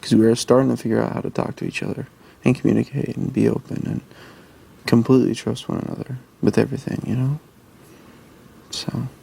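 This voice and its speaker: A man's voice: mid-range voice, level tone, fairly quick, gravelly, mellow, slightly rough. A young man talking earnestly and reassuringly to his partner, often restarting his sentences. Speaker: reality show houseguest. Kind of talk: intimate casual talk.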